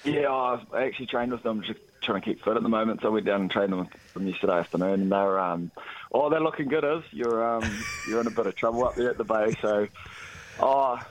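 A man with a New Zealand accent calling into a radio show, low-key and a little tired, with dry humor. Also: a little fast, dull audio, slight background noise. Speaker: former rugby player guest. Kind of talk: phone interview. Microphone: phone line.

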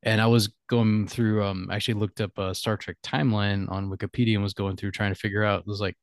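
A man's voice: fairly low pitch, flat delivery, fast talker, no room sound, studio quality. A man hosting a podcast, chatting casually in a rambling, musing way and chuckling often. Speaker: podcast host. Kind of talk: casual chat.

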